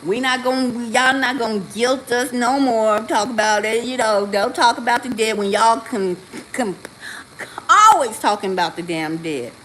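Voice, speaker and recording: A woman hosts a casual livestream, sassy and preachy. Her voice sits a little high. A faint hiss runs under it. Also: moderate pace, rough recording. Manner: loud, sassy and preachy, with outbursts. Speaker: livestream host.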